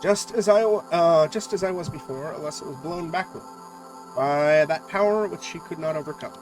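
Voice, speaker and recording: A man's voice: fairly high pitch, moderate pace, rough recording. A man streamer reading a visual novel aloud in an earnest, dramatic way with jokey asides. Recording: music playing clearly behind.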